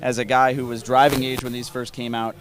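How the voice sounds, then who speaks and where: A man's voice: mid-range voice, level tone, fairly quick, faint music behind. A man in his thirties, co-hosting live auction commentary and talking cars with chatty enthusiasm. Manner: enthusiastic, chatty car talk. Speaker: co-host commentator.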